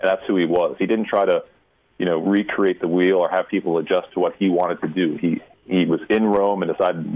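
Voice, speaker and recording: A man, a college football insider, answering questions on a radio show in a measured, emphatic way. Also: low voice, steady tone. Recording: tinny phone line.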